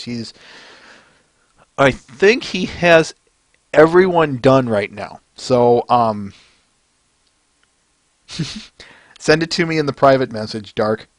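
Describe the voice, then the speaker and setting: A man's voice: medium pitch, dry recording. A male podcast host rambling casually through a fan-art review, with lots of fillers and chuckles.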